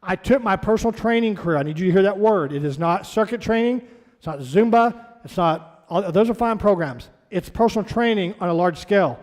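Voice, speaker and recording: A man's voice: high-pitched, lively intonation, a little fast, a little mellow, in a large hall. A man working as a fitness trainer, giving a blunt, motivational orientation talk to a class in his studio. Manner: blunt, motivational, talks straight to the group.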